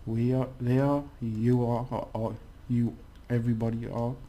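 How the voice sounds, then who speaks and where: Man, casual lesson, mellow voice, rambling with restarts. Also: mid-range voice, level tone, moderate pace. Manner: chatty, rambling, many restarts and fillers. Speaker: language teacher.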